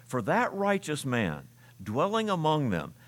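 A man's voice: a little high, wildly swooping pitch, measured pace. Earnest man preaching a sermon. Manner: earnest preaching, reads scripture aloud with emphatic rises. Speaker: pastor.

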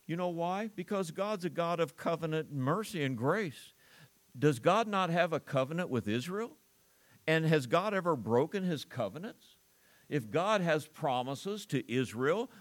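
A man's voice: medium pitch, no room sound. An older man preaching a sermon, talking it through in a conversational way with rhetorical questions and read-aloud scripture.

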